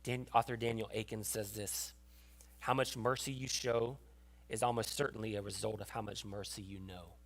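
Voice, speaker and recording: A young adult man giving a sermon as pastor, telling a personal story with emotion and often dropping to a hushed voice. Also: lowish voice, steady tone, moderate pace. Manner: storytelling, emotional, drops to a hushed voice at tender moments.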